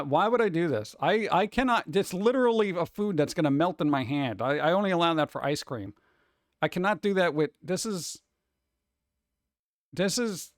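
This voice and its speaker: A man's voice: on the high side, dry recording, studio quality. A man hosting a casual livestream, rambling from topic to topic with sarcastic jokes. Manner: rambling, jokey, sarcastic asides. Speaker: livestream host.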